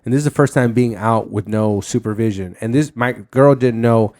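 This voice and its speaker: A man's voice: mid-range voice, normal speed, darkish tone. A man in his thirties hosting a podcast, telling rambling stories in casual chat, swearing freely and laughing often. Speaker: podcast host.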